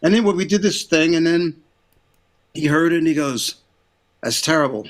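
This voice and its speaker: An older man, an interview guest, telling career stories in a casual, animated way and acting out quotes in a raised voice. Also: on the high side, moderate pace. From United States. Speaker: interview guest, recording engineer and producer.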